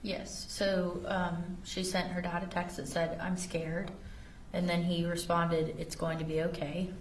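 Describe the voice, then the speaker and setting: A woman's voice: fairly low pitch, level tone, unhurried, a little hiss or hum. A woman testifying as an investigator in a courtroom, carefully reading text messages aloud. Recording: echoey courtroom audio from far off.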